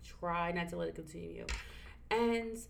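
A woman's voice: on the low side, measured pace, creaky, slight background noise. A woman co-hosting a casual podcast, talking in a heartfelt, emotional way. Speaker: podcast co-host. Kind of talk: casual chat.

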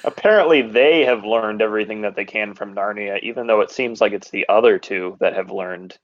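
A man's voice: fairly low pitch, fairly quick, no room sound. A man co-hosting a comedy show, adding wry, chuckling remarks to a movie recap. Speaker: podcast co-host. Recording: dull, lo-fi microphone.

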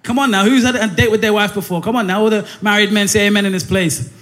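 Young guy preaching, high bright voice, keeps saying amen and uh. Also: fast talker. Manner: energetic, jokey, calls for amens, many fillers. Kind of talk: church sermon with call and response.

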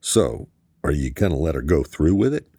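Guy doing a gruff swearing boss type, older, husky, audiobook. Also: very deep voice, lively intonation, moderate pace, warm tone, no echo, clean studio sound, full character voice. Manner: gruff, cursing. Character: angry older male official on phone.

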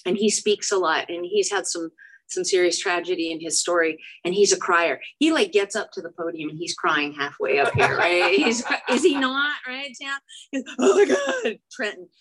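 This middle-aged woman from Chicago speaks at an AA meeting in a church room, sharing her recovery candidly and poking fun at herself. She frequently asks "right?" in a lowish, fairly bright voice at normal speed.

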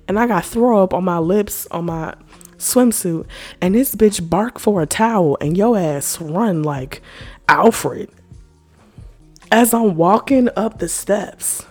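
Young woman going off on a tv rant, slangy and cussing, kinda low voice, little music in the back. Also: unhurried. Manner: animated, profane, slangy storytelling. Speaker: vlogger. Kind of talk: casual TV rant.

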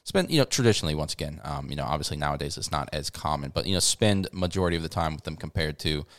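A man's voice: very deep voice, animated, rapid-fire, dry recording, studio quality. A young man and father co-hosting a podcast, telling stories in a rambling, cussing way full of fillers. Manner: rambling storyteller, swears freely, lots of fillers. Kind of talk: casual podcast chat.

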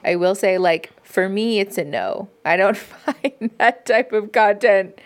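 A woman's voice: mid-range voice, measured pace. A young woman co-hosting a podcast, joking and chatting casually with frequent "like" and laughter. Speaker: podcast co-host. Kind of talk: casual chat.

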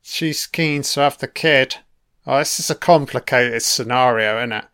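Young male commentator, slow and smooth, profane and wry. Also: medium pitch, a bit bright. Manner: profane, wry running remarks. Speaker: film commentator. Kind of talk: casual film commentary.

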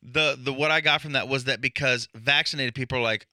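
A man's voice: medium pitch, a little fast, pushed and bright, no room sound, clean studio sound. A man co-hosting a podcast in casual banter, blunt and profane, laughing often. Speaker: podcast co-host.

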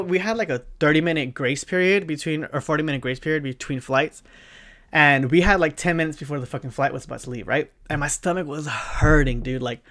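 In a fairly high, somewhat bright voice, a young man on his own podcast rambles through an embarrassing story. It's a casual monologue, profane and stuffed with fillers and slang.

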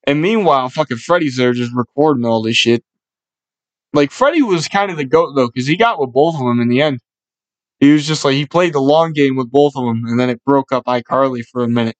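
A man's voice: medium pitch, lively intonation, a little fast, no room sound, muffled recording. A young man from hosting a casual podcast chat, loose and profane, laughing often. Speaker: podcast host.

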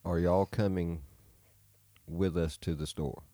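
A man's voice: sits low, steady tone, slow pace, mellow, no echo. A man in a comedy sketch, making laid-back, brief remarks.

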